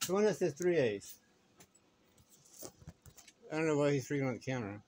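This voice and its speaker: A man's voice: a little high, expressive, moderate pace, darkish tone, a little hiss or hum. Rambling, stammering man filming himself. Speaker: vlogger filming a shop visit. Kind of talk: casual running commentary. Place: indoor shop counter.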